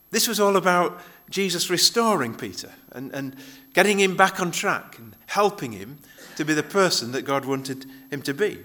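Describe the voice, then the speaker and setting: Bright, lively-voiced male pastor preaching. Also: a little high, normal speed, few pauses. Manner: conversational with frequent restarts. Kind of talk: sermon.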